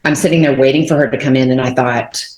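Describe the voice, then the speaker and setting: Guest, woman in her 40s from Texas, low voice, lively storyteller, recorded in a reverberant room. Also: fast. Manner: animated storyteller, many fillers, acts out quotes. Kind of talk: telling a personal faith testimony. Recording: roomy echo.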